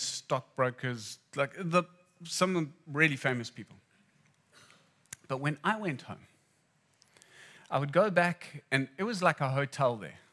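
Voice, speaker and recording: A man from Zimbabwe preaching a sermon, telling personal stories and swinging between hushed and loud moments. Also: fairly high pitch.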